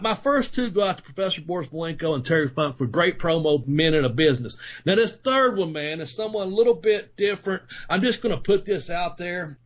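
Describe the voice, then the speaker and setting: A fairly high-voiced man hosts a casual podcast, and he sounds loose and excitable. He swears freely and laughs between thoughts. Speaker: podcast host, former pro wrestler.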